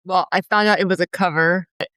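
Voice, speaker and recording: Podcast guest, animated storyteller, crisp and bright tone, dry close-miked sound. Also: medium pitch, fairly quick, dry recording. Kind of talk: casual podcast chat.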